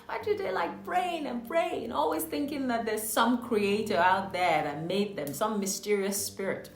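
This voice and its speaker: A woman's voice: on the high side, moderate pace, creaky. A woman voicing a skeptical, agitated male taxi driver with a South African accent, asking scoffing questions. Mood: mocking. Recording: roomy echo, faint music.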